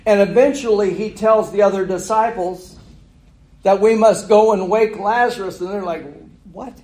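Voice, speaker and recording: A man's voice: high voice, steady tone, moderate pace, a little mellow, roomy sound, rough recording. A man preaching a sermon, retelling a story with chuckles and rhetorical questions. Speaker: pastor.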